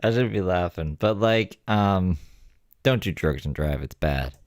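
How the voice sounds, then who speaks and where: A speaker with a very deep, gravelly voice making dry, teasing asides in a casual chat. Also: lively intonation, a little slow, darkish tone, dry recording.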